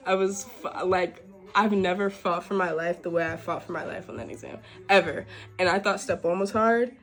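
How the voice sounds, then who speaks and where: A woman in her twenties chatting candidly as a vlogger while getting ready, expressive and swearing freely. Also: fairly low pitch, normal speed.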